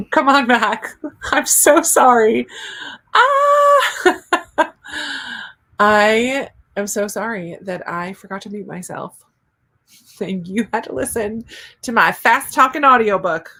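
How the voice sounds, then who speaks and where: A woman's voice: medium pitch, slow pace, pauses often, fairly bright tone. A woman with a Southern US accent hosting a casual livestream, chatty and giggly, with frequent exclamations as she reads out viewer comments. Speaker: livestream host.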